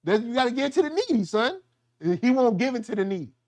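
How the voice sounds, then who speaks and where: This man hosts a casual TV review chat, speaking very fast in a very high-pitched voice. He's slangy and animated, performing quotes from the show in character voices.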